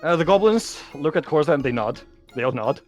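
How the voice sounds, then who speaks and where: A man running a tabletop game as dungeon master, animated and laughing, quick with instructions. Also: on the high side, soft background music. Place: online game session over voice chat.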